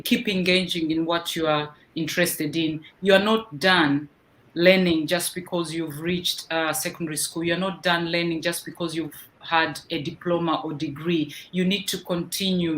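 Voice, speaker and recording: A woman's voice: lowish voice, a bit bright. Earnest encouraging woman, faint hiss. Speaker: guest speaker. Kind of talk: casual online panel chat.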